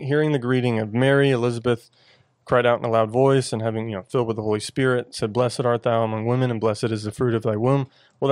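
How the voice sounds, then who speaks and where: A man co-hosting a casual talk about faith, earnest and halting, with many restarts. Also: mid-range voice, a little mellow, no room sound. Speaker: podcast co-host.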